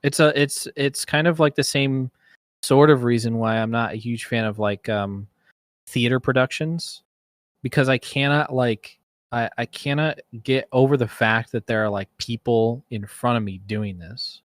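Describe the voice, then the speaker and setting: A man in a relaxed podcast conversation, his speech full of stops, restarts and bursts of laughter. His voice sits at a middle pitch. The recording is dry and close. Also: normal speed, no room sound. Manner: rambling, laughs often, many restarts. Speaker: podcast co-host. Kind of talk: casual chat.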